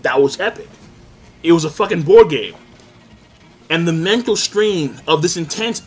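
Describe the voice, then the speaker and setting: A young man giving a casual, excitable review, swearing constantly and swinging between loud outbursts and low, calmer talk. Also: husky. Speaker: anime reviewer.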